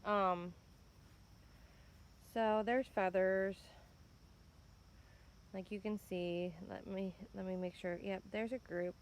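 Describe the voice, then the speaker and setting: A woman's voice: medium pitch, steady tone, slow pace, long pauses. A woman vlogging outdoors by her chicken pen near the woods, talking casually and angrily with some swearing, filmed on a handheld phone. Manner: angry and upset, swears, keeps saying "bam". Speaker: farm vlogger. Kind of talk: casual walk-and-talk vlog.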